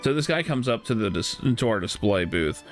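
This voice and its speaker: Streamer guy telling a story, super lively voice, laughs a lot, faint music behind. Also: on the low side, a little fast. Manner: animated, laughs often, swears casually. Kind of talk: casual storytelling while gaming.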